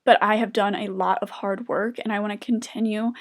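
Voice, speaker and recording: A young adult woman in a personal confessional monologue, speaking emotionally with halting restarts and pauses. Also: mid-range voice, fairly even intonation. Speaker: vlogger sharing recovery story.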